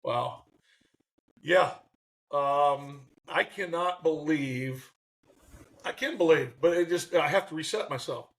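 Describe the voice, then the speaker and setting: An older man in his sixties telling stories in an interview, his voice somewhat higher than most men's. He is animated and lively and slips into other people's voices as he goes. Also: slow, vocal fry, pauses often, rough recording. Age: 60s. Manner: animated, acts out quotes. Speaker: guest, former baseball manager. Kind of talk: interview storytelling.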